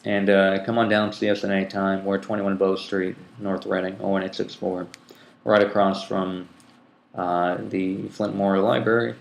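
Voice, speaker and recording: Male podcast host, lowish voice, rambling and filler-heavy, roomy echo. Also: level tone, normal speed, vocal fry. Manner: rambling, many ums and restarts, laughs easily. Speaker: public access TV coordinator and podcast host. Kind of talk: casual podcast chat. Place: room at a community TV station.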